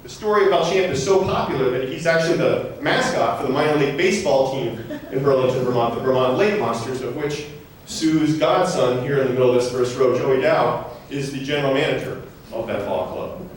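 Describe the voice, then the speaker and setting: A man's voice: medium pitch, a little fast, slight background noise. A middle-aged man giving a humorous memorial eulogy, telling chatty stories and laughing through them in a large hall. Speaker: eulogy speaker. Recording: echoey hall, voice from far off.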